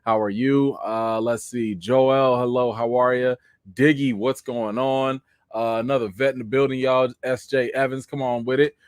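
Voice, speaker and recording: A man hosting a casual live stream, giving quick shout-outs to viewers and rising into high, exasperated rants. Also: steady tone, clear, resonant tone, no room sound, clean studio sound. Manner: rises into high, exasperated ranting.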